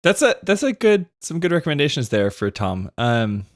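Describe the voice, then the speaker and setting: A man's voice: a little high, sing-song, moderate pace, no echo, clean studio sound. A man co-hosting a comedy podcast, reading listener questions and steering the chat earnestly. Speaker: podcast co-host.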